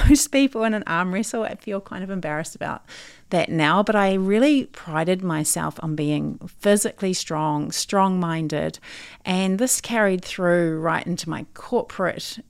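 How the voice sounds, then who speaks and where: A middle-aged woman from Australia, a coach hosting her own podcast, talking in a thoughtful, earnest way. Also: fairly low pitch. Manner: thoughtful, earnest, with occasional laughs. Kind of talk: reflective solo podcast talk.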